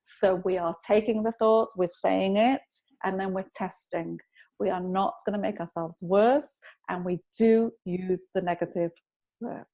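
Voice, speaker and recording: A woman guest on a podcast, calmly explaining a self-help technique and telling anecdotes in an instructive way. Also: mid-range voice, measured pace. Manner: calm, instructive, tells anecdotes. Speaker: EFT tapping practitioner, guest. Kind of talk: explaining in an interview.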